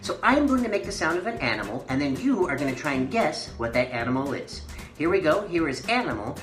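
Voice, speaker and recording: A woman's voice: low-pitched, big pitch swings, a little fast. A woman teaching children a playful mime and movement lesson, giving sing-song, encouraging instructions. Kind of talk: guided movement lesson for kids. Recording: echoey room with faint music.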